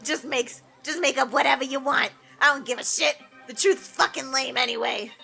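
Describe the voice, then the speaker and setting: A woman's voice: high voice, normal speed, gravelly, sharp tone, faint music behind, exaggerated voice. A woman voicing an unstable teenage girl mastermind who swings between bored, cutesy and mopey tones. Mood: bored sneering. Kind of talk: fan voice-acting over a game.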